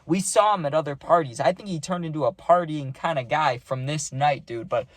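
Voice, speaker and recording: A man's voice: on the high side, a little fast, dry recording. A young man casually telling a rambling party story, full of slang and saying "dude" a lot.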